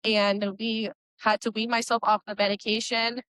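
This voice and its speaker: A woman's voice: fairly high pitch, little pitch movement, normal speed, a bit bright, clear, resonant tone, rough recording. A young woman, a Christian metal singer, telling her personal testimony in an earnest, rambling way, full of likes and you-knows.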